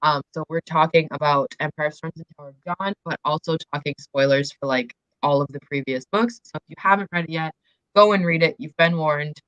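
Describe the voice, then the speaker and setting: A young woman hosting a casual livestream book discussion, slightly croaky as she loses her voice, chatty and full of fillers. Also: low-pitched, brisk, a bit bright, no room sound, lo-fi sound. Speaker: booktube host.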